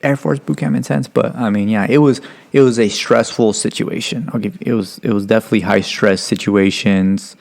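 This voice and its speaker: A young man from California speaks in a low, gravelly register. He tells his stories loosely and profanely, scattering "like" and "you know" everywhere, and slips into lively voices when he quotes other people. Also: normal speed, few pauses. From Stockton, California, USA. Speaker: guest. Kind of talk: casual podcast storytelling.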